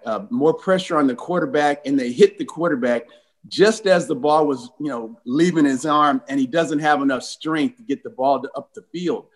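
A man in his sixties from California, a former football player telling lively game stories as an interview guest. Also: fairly high pitch, rough recording. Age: 60s. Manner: animated, acts out the voices in his stories. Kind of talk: casual storytelling interview.

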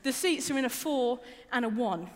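A woman from England delivers a sermon with a high voice and a chatty, self-deprecating humor. The big church hall adds a long, ringing reverb behind her. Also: animated, moderate pace. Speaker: preacher.

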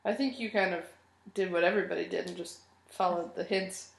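Woman co-host, sick with a cold, lounging and chatting casually; gravelly tone. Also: fairly low pitch, fairly quick, echoey room. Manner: relaxed, chatty, lying on a couch. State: sick, sniffling. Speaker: podcast co-host. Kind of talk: casual chat. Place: living room.

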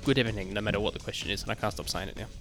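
Man, podcast co-host, low voice, rambling and jokey. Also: fairly even intonation, racing, bright, forceful tone, soft background music. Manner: rambling, hesitant, playful. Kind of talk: casual podcast chat.

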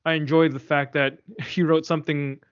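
Podcast co-host, man in his forties, relaxed and thoughtful, slightly high voice, dry muffled sound. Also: normal speed, clean tone, no room sound. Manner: relaxed, thoughtful, peppered with "you know" and "man". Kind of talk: casual chat.

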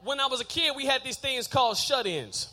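A middle-aged Texan preacher with a very high, bright, ringing voice delivers a sermon in church. He calls on the congregation to answer him back. He tells stories from his childhood, then builds into loud shouted preaching. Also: animated, fairly quick. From Texas. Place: church sanctuary.

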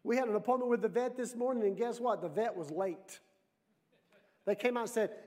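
Preaching briskly, this pastor sounds high and bright. He stays lively throughout, weaving stories together with direct appeals and repeatedly putting questions to his congregation.

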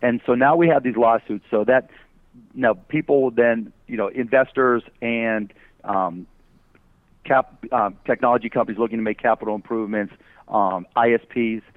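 A man's voice: medium pitch, fairly even intonation, moderate pace, no room sound. A man guesting as an entrepreneur on a phone interview, arguing emphatically through rhetorical questions. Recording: tinny phone line.

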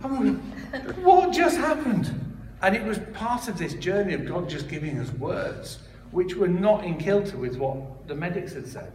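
A man's voice: high voice, expressive, normal speed, few pauses, darkish tone, slight background noise. Man telling his story in a hall. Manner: conversational storytelling with frequent restarts and asides. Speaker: church member giving testimony. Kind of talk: personal testimony talk. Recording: roomy hall, speaker far from mic.

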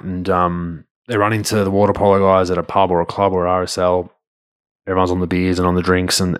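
A man with an Australian accent tells a story loosely and conversationally, often restarting sentences and swearing casually. His voice sits low with a fairly bright tone, captured in a dry, studio-quality recording.

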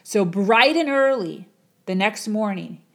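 A woman's voice: medium pitch, expressive, takes it slowly, fairly bright tone. A woman telling a motivational parable in a dramatic, repetitive storytelling manner. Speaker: motivational speaker. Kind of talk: storytelling talk.

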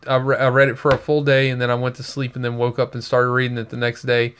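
A man's voice: mid-range voice, completely flat delivery, fast, a bit bright, clean tone. A young man co-hosting a podcast, talking in a casual, earnest and reflective way. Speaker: podcast co-host. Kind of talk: casual chat.

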